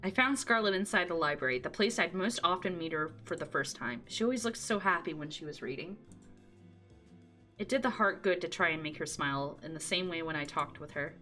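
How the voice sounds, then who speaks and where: A woman streamer reading out the narration of a dating game live, in a calm, lowered voice. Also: brisk, soft background music.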